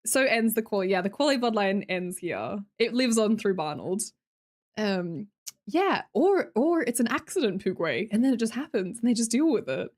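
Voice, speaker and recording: A woman's voice: medium pitch, sing-song, moderate pace, a little mellow. A young Australian woman streamer chatting casually with her viewers, blunt and sweary, laughing often.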